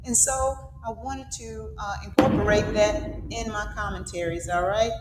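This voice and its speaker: A middle-aged woman from the American South with a Southern accent, hosting her own commentary in a lively, dramatic way. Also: medium pitch, normal speed, heavy background noise. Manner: lively, dramatic, talks straight to the audience. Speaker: commentary host. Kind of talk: casual solo commentary. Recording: roomy echo with loud music behind.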